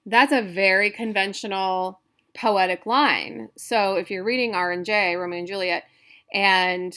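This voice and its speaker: A woman's voice: medium pitch, steady tone, unhurried, a bit bright, clean tone. A woman instructor giving a recorded lecture, explaining step by step with frequent fillers and restarts.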